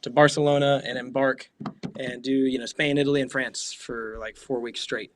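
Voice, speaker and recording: A man's voice: mid-range voice, little pitch movement, moderate pace, background noise. A young man from the American South chatting as a guest, easygoing and often laughing. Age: young adult. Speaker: guest musician. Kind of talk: casual interview chat.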